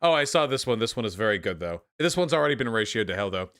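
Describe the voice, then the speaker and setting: A man's voice: on the low side, sing-song, quick pace, fairly bright tone. A man casually reacting to clips on a stream, offhand and sarcastic, full of "dude" and "like.". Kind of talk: casual commentary.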